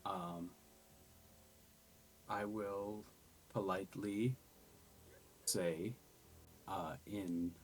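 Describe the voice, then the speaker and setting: A man's voice: sits low, a little hiss or hum, low-quality recording. A man playing a tabletop game, speaking hesitantly. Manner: slow, hesitant. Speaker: player. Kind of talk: casual tabletop play.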